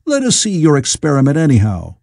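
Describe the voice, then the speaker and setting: A man reads as a doubtful Victorian psychologist. He muses sceptically, with a lively pitch and a mellow tone. The sound is dry and close. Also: brisk, creaky, no echo, heavily acted.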